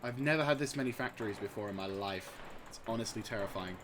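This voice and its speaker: A man casually commenting on a strategy game, rambling and excitable, swearing freely and chuckling at his own jokes. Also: fairly low pitch, quick pace, noisy background. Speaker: gaming channel host.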